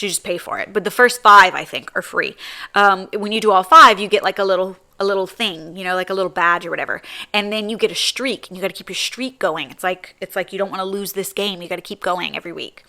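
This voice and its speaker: A woman's voice: medium pitch, pushed and bright. A woman hosting a solo podcast, talking casually and bluntly, swearing freely and flaring into heated rants. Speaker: podcast host.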